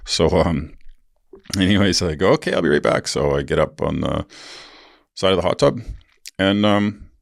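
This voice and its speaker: A man with an extremely deep, low voice tells a rambling, profane story on his podcast, full of fillers. The sound is dry and close, with no room around it. He jumps into raised voices when he acts out what other people said. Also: normal speed, gravelly, long pauses, no room sound. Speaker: podcast host. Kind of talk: casual storytelling.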